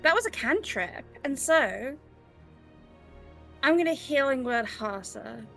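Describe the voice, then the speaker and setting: A woman's voice: high-pitched, lively intonation, slow, gravelly, fairly bright tone, faint music behind. Chatty, laughing woman player. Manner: chatty, laughing, swears casually. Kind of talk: casual tabletop game chat.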